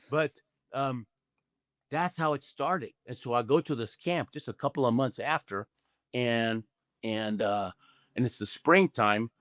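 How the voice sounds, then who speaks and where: A man's voice: medium pitch, no echo. An older man from Argentina tells his story in an interview with lots of energy. He acts out both sides of conversations and keeps asking "okay?" and "right?". The recording is close and dry, with no room sound. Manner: animated storyteller, acts out dialogue, frequent "okay?" tag questions. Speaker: guest, Olympic luge athlete.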